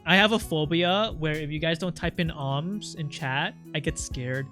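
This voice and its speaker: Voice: mid-range voice, normal speed, few pauses, over music. A streamer casually chatting with viewers and joking while playing a story game. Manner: chatty, swears, laughs, drifts into reading dialogue.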